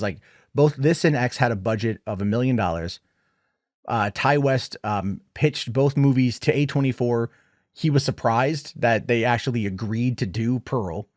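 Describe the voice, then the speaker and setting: A man giving a casual, rambling film review, retelling scenes in an animated way. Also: medium pitch, dry recording, studio quality.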